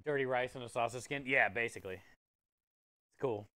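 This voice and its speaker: A man's voice: medium pitch, fast talker, sharp tone, smooth, dry recording, clean studio sound. A man, a food truck chef, chatting casually with his livestream viewers while he cooks in a kitchen. He is easygoing and joking, and he chuckles often. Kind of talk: casual livestream cooking chat.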